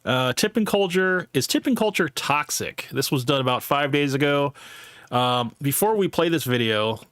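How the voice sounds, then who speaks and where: A man's voice: a little high, expressive, normal speed, a bit bright, clear, resonant tone, dry recording, studio quality. A man hosting a live stream in casual talk, rambling with many fillers and restarts, blunt and jokey. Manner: blunt, jokey and self-deprecating.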